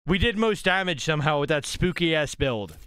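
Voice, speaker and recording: A young man streaming a video game, commenting live as he plays and swinging between muttering to himself and shouting with excitement. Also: on the high side, fairly quick, clean tone, no room sound. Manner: excitable, swings from mumbling to yelling. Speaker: gaming streamer.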